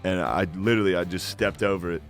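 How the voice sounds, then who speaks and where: A comedian telling crude stories in casual podcast banter, laughing often. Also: male voice, low-pitched, quick pace, soft background music. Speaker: comedian guest.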